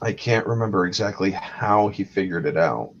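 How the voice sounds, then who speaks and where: A man's voice: deep voice, normal speed, a bit bright. A man hosting a casual chat about movies, rambling and retelling scenes with acted-out lines. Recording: dull lo-fi sound.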